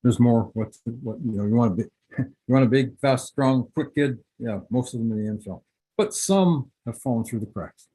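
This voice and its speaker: A man's voice: medium pitch, moderate pace, mellow, breathy edge, rough recording. A middle-aged man, a football scout, giving a casual, rambling clinic talk full of anecdotes.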